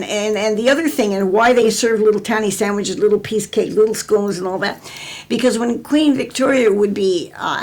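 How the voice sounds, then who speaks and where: A woman's voice: medium pitch, slightly rough. An older American woman telling stories in an oral history interview, rambling with many restarts.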